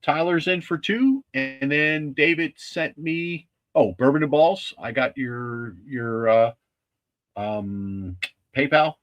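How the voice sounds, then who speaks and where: A man hosting a casual livestream with a husky voice, talking in a rambling, halting way with many restarts. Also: medium pitch, dull audio. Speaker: livestream host.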